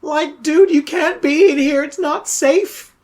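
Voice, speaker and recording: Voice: high voice, slow, a little mellow, pitched above the performer's own voice. A game master voicing a brash young male monster hunter with a laid-back dude drawl. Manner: surfer-style drawl, says dude and man.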